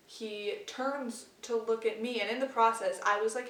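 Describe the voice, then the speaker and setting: A woman's voice: on the high side, fast, few pauses. Young woman vlogger, chatty and gushing, sits a bit back from the mic in a roomy space. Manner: excited, gushing, full of "like" fillers. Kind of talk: casual storytelling vlog. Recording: roomy sound from a distance.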